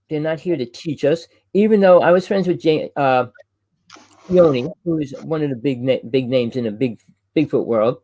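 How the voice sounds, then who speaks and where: A host from New Jersey with a New Jersey accent talks loud and fast in a casual chat, rambling and restarting his sentences. His pitch is fairly high, and the recording is dry.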